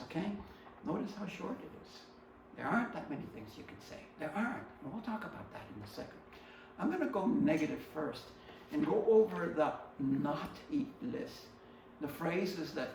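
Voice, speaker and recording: Earnest male presenter, higher voice with some fry, personal and emphatic, recorded far off in a roomy space. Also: a little hiss or hum. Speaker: grief support presenter. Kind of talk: heartfelt instructional talk.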